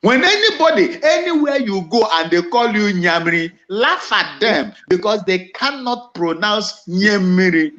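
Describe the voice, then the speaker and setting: Emphatic Nigerian man, lively high pitch. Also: moderate pace, few pauses. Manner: emphatic, repetitive, restarts often. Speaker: commentator. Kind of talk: impassioned monologue. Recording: dull lo-fi recording.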